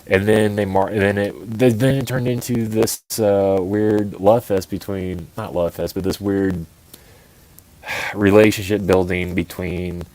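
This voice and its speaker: Deep-voiced guy rambling on a podcast, lots of ums and restarts. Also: steady tone, a little slow, a little mellow, rough recording. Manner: rambling, many restarts and fillers. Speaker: podcast co-host. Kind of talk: casual chat.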